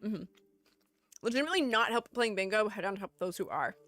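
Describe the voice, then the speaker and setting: A woman's voice: medium pitch, lively intonation, fast, fairly bright tone, soft background music. A woman streamer chatting casually while critiquing art, rambling and giggling at herself. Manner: rambling, giggly, self-deprecating. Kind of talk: casual live-stream chat.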